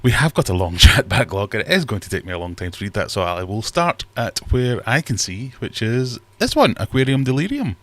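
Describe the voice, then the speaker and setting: A man's voice: medium pitch, very animated, a little fast, few pauses, a bit bright. A man hosting a casual livestream from his fish room, rambling and self-deprecating as he reads chat aloud. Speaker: livestream host.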